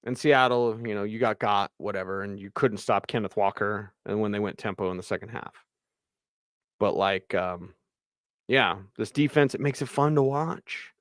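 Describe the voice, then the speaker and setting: Chatty, excitable sports radio host. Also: male voice, lowish voice, no room sound, studio quality. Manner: excitable, chatty, fast bursts. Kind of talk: live postgame show reading viewer comments.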